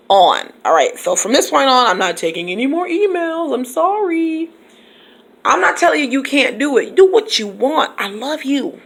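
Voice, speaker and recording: A woman's voice: a little high, a bit bright. A woman teacher from Michigan, chatting casually in her car and laughing often. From Michigan, USA. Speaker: teacher and vlogger. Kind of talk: casual chat.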